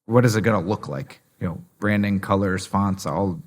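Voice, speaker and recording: A man with a low voice hosts a podcast recorded at a conference. His questions wander, and he restarts often and leans on fillers before he gets to the point. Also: moderate pace. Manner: rambling, many restarts and "like". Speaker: podcast host. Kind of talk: conversational podcast interview. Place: conference venue.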